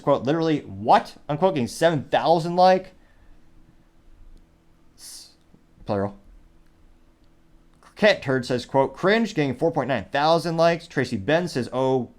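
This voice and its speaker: A male host giving commentary on news and social media posts, reading comments aloud with dry asides. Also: a little high. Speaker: show host.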